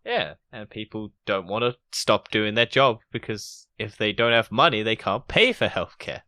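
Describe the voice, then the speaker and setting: A man's voice: on the low side, moderate pace, sharp tone, no room sound, studio quality. A man co-hosting a podcast, chatting casually and laughing often as he rambles. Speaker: podcast co-host.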